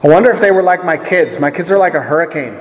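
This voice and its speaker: A man's voice: a little high, fast. A man leading a casual Bible study, chatty and joking as he puts questions to the group. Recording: echoey hall with long reverb.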